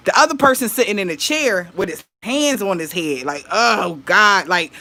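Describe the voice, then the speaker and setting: A woman recounts a story straight to her viewers. She talks in a loose, chatty way, acts out the dialogue and swears freely. Her voice is bright and forward. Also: medium pitch, a little fast. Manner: animated, laughing, swearing, acting out dialogue. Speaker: vlogger.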